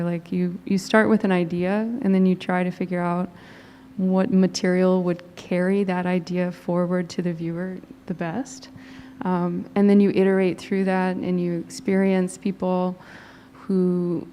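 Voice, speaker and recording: A woman's voice: on the low side, dark tone, slight background noise. A woman artist speaking thoughtfully on a gallery panel, musing and trailing off. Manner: thoughtful, trails off, casual fillers. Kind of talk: reflective panel discussion. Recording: hall reverb with faint ambience.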